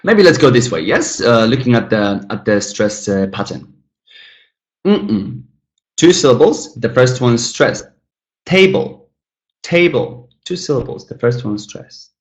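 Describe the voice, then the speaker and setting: A man's voice: medium pitch, big pitch swings, echoey room, low-quality recording. A man teaching an English webinar, saying each example word twice and chatting to the learners as guys. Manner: drills each word twice, slow and careful. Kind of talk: webinar lesson.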